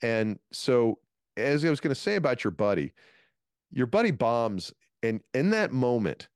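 A man in his fifties, a comedian guest, telling stories from his career in a lively interview. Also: mid-range voice, unhurried, clean tone, no echo, studio quality. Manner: animated storyteller, restarts phrases. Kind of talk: storytelling interview talk.

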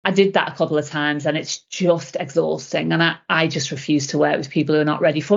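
A middle-aged woman, a leadership coach, answering interview questions as an animated storyteller who acts out conversations. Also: sits low, fairly quick, creaky, hardly any pauses. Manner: animated storyteller, acting out dialogue. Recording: dull lo-fi podcast audio.

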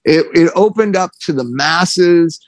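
A man co-hosting a casual talk show, telling profane, animated stories about drinking. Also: fairly high pitch, a little slow, no room sound. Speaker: podcast co-host. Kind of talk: casual chat, storytelling.

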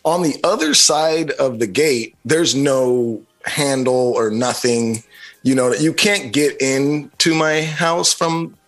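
A man's voice: mid-range voice, slow pace, fairly bright tone. A middle-aged man co-hosting a podcast, telling a long story in a rambling, profane way with lots of "like" and "you know". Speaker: podcast co-host. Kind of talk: casual chat.

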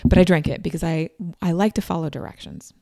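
A woman in her forties telling a personal story in a chatty, animated way, acting out quoted lines. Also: low-pitched, quick pace, vocal fry, dry recording, clean studio sound. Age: 40s.

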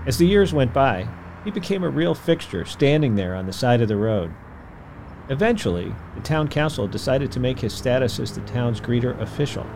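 A man hosting a podcast, telling a history story in scripted documentary narration with an expressive delivery. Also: medium pitch, normal speed, vocal fry, slight background noise. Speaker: podcast host.

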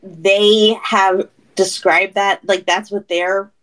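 A woman's voice: medium pitch, flat delivery, slow, fairly bright tone, low-quality recording. A woman from Ohio co-hosting a podcast, chatting casually and asking playful questions as she recaps an episode. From Ohio, USA. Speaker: podcast co-host.

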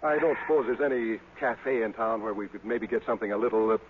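A man's voice: on the low side, fairly even intonation, fast talker, narrow, tinny audio, lightly acted. An actor playing a sheepish city man in a 1940s radio comedy, stammering through his lines, on a scratchy old broadcast. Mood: tipsy. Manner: stammering, sheepish comic delivery. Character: city man tipsy on hard cider, later groggy.

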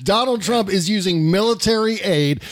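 A man's voice: high voice, normal speed. A man hosting a political talk show, brash and sarcastic, swearing as he rants. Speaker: show host.

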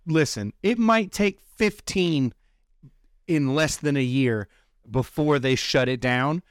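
A man's voice: a little high, slow, no echo, clean studio sound. A man co-hosting a podcast, tossing in profane wisecracks during casual banter. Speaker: podcast co-host.

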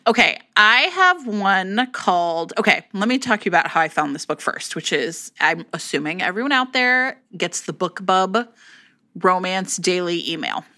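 Chatty bright-voiced woman telling a story. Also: lowish voice, normal speed. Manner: chatty, animated storytelling with acted quotes. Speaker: podcast co-host. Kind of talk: casual chat about romance novels.

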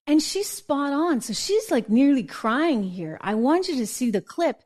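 A woman hosting a political talk show speaks in a fairly high voice. She argues her case in an emphatic, conversational way. She keeps turning to the viewer with quick check-ins. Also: expressive, a little mellow. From New England. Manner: emphatic, conversational, asks viewers "right?" and "okay?". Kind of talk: opinion monologue.

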